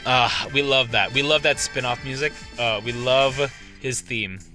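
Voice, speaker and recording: A man giving casual, chatty gameplay commentary, animated and quick to laugh. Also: medium pitch, soft background music. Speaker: game video host.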